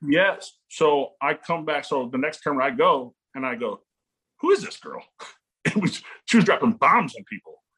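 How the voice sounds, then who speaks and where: A husky man in his forties, from Illinois, telling a casual story. His voice sits in a middle range, and he jumps up in pitch whenever he acts out what someone said. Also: animated, normal speed, hardly any pauses, pushed and bright. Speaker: guest, parent of a volleyball recruit.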